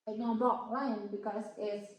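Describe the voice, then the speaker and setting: Slow, halting woman in an echoey room. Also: medium pitch, level tone. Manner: slow, halting, careful over each word. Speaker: student presenter. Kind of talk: classroom explanation.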